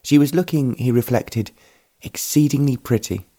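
A man reads a novel aloud in a measured, even narrating voice. His tone is mellow and warm, sitting at a middle pitch for a man. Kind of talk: scripted audiobook narration.

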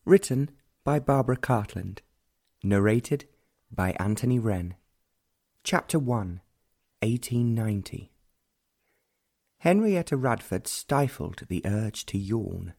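A man reading a period novel aloud as an audiobook narrator, in measured, deliberate storytelling. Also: fairly low pitch, lively intonation, creaky, darkish tone. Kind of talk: scripted narration.

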